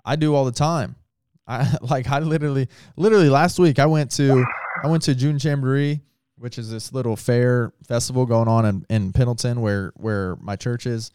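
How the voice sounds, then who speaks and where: A man's voice: mid-range voice, normal speed, a little mellow, clear, resonant tone, dry recording. A man who is a pastor, talking casually and earnestly with lots of filler words. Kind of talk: casual podcast talk.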